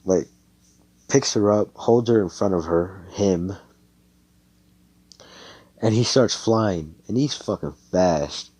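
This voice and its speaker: A man's voice: low voice, takes it slowly, long pauses, darkish tone, slightly rough. A man casually retelling a fan story, rambling and cussing with lots of filler words.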